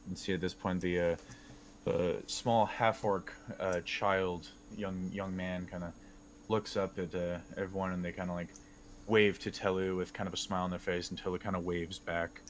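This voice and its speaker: A man narrating a tabletop game as game master, halting with many fillers. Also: low-pitched, flat delivery, a little hiss or hum.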